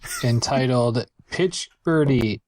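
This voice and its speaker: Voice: mid-range voice, slow, darkish tone, slight background noise, low-quality recording. A podcast co-host reading from a website aloud in casual comedic chat.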